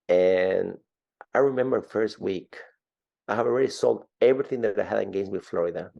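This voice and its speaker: Gravelly Ecuadorian-accented man in his fifties. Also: low-pitched, lo-fi sound. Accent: Ecuadorian Spanish. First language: Spanish. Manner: animated storyteller, repeats words. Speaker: guest. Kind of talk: storytelling interview.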